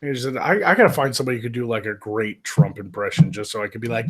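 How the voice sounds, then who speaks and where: A man's voice: lowish voice, fast, a bit bright. A man hosting a livestream, chatting loosely with viewers and laughing often. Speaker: livestream host. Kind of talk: casual livestream chat.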